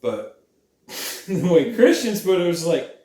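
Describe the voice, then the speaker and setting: Dude ranting casual about a movie, swears a lot, kinda high voice, room echo. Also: male voice, big pitch swings, unhurried, warm tone, recorded from a distance. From Scottish heritage. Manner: swearing, rambling, mocking impressions. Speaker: channel host. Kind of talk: casual chat.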